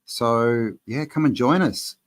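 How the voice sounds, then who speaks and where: A man hosts a casual live chat, speaking at an ordinary middle pitch. He talks in a loose, meandering way and drops in plenty of fillers. He addresses viewers as man and bro. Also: slow. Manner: relaxed, rambling, says man and bro. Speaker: channel host answering live chat.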